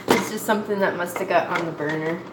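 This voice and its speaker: A woman from Scotia, chatting in a rambling, folksy, self-mocking way while she cooks in her home kitchen. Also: on the low side. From Nova Scotia, Canada. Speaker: cooking vlogger. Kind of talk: casual chat while cooking. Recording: echoey kitchen with cooking noise. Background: pots, dishes and kitchen clatter.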